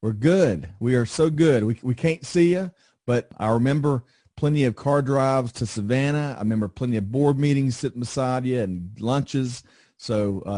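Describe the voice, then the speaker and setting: Man, podcast host, upbeat, mellow low voice, dry close sound. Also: dry recording. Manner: upbeat, enthusiastic, with frequent repeated words. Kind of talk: podcast interview hosting.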